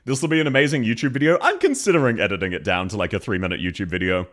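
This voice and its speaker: A man's voice: fairly low pitch, animated, very fast, fairly bright tone. A man with an Australian accent giving casual reaction commentary on a stream, laughing often and swearing offhandedly.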